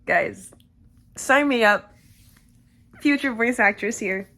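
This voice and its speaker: A woman's voice: on the high side, slow pace, bright, forceful tone. A woman creator chatting casually with viewers and reading fanfiction aloud, giggly and self-conscious, with lots of asides.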